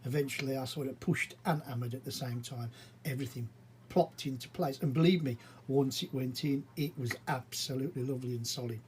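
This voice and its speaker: A man's voice: mid-range voice, a little mellow, a little hiss or hum, rough recording. A man giving casual, rambling commentary as he narrates his own brick model build. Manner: chatty, rambling, unhurried, with frequent fillers.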